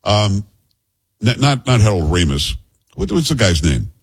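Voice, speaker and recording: Male podcast host, middle-aged, husky voice, loose and jokey delivery. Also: lowish voice, sing-song, unhurried. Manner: rambling, joking asides, teasing his co-host. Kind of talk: casual talk-show chat.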